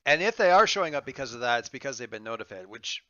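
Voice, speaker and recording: A man running a tabletop game, rambling and playful as he thinks aloud. His voice is bright and forward, with a dull, lo-fi sound that has almost no room echo. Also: mid-range voice, lively intonation, fast talker. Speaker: game master. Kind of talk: running a tabletop game over an online call.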